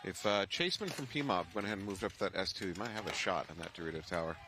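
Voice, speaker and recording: A man's voice: low-pitched, quick pace, noisy background. A man from Ohio commentating a live paintball match in a joking, easygoing way, outdoors at the field.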